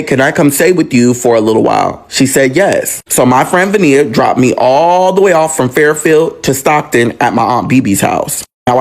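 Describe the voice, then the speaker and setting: A young man telling a personal story in a vlog, expressive and casual, swearing now and then. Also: medium pitch.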